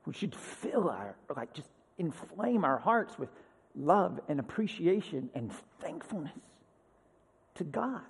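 A man preaching a sermon as pastor, earnest, swinging from loud emphasis to a hushed near-whisper. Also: on the high side, big pitch swings, a little slow, vocal fry, husky. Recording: long hall reverb.

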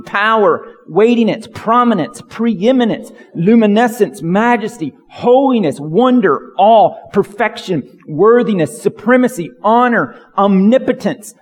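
Guy preaching a sermon, kinda high voice, big hall reverb, gets fired up. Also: husky. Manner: emphatic preaching, builds to fervent lists. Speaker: pastor.

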